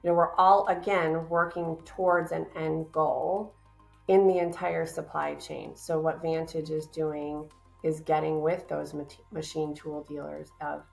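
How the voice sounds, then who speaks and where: A woman's voice: deep voice, level tone, measured pace, gravelly, faint music behind. A woman answering interview questions as a company business director, earnest and upbeat, with frequent fillers.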